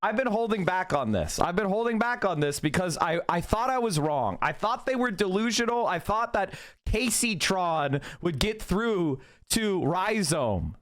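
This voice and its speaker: A male livestreamer talks straight to his chat in a heated, emphatic rant. His voice sits high for a man. He swears freely and repeats phrases to drive each point home. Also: animated, measured pace, a bit bright. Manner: profane. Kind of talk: livestream commentary, reacting to chat.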